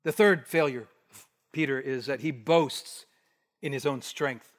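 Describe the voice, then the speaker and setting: A man preaching an expository sermon, emphatic, rising to forceful bursts and dropping to hushed asides. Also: medium pitch, unhurried. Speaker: pastor. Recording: long hall reverb.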